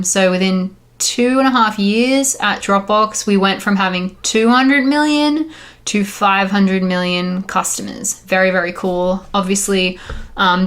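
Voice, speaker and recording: A woman's voice: mid-range voice, a bit bright. A woman in her thirties with an Australian accent, giving a chatty, upbeat conference talk as an engineer, with frequent ums along the way. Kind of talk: conference presentation.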